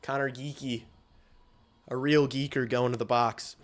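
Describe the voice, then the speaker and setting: A man streaming a hockey game and calling the play-by-play, excitable and swearing casually, shouting on big plays. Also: medium pitch, a little slow. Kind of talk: live watch-along hockey commentary.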